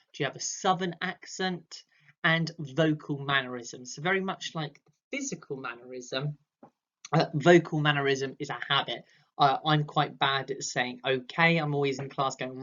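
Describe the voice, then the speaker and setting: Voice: medium pitch, fairly bright tone. Drama teacher, dull lo-fi recording. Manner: explains step by step, acts out vocal examples. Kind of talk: recorded online lesson. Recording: dull lo-fi sound.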